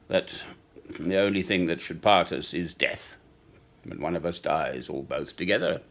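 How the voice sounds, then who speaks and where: A man in his sixties talking in a slow, sentimental, rambling personal monologue with chuckles. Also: extremely low pitch, fairly even intonation. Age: 60s. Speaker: speaker addressing a woman.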